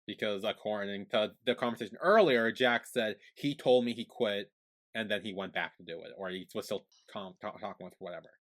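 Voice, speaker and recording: A young man co-hosting a podcast in casual chat, retelling plot and quoting the characters in a low, soft voice. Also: fairly quick. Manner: relaxed storyteller, quotes the characters in a low soft voice. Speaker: podcast co-host.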